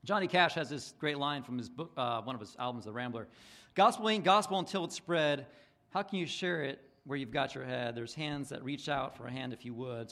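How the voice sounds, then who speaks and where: A man's voice: mid-range voice, brisk. A man preaching a sermon in a casual, rambling way, with many restarts and fillers, acting out bits of dialogue in different voices. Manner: acts out dialogue in animated voices. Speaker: pastor.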